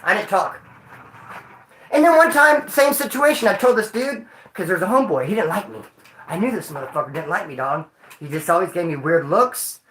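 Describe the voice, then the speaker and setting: A man casually telling prison stories in a slangy, profane, animated way. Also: sits high, brisk, reverberant, a little hiss or hum. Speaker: storyteller recounting prison life. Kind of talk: casual storytelling monologue.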